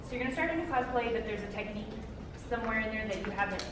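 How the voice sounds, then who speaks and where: A woman in the audience asking a panelist a long, halting question. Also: fairly high pitch, lively intonation. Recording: distant, echoey, noisy hall.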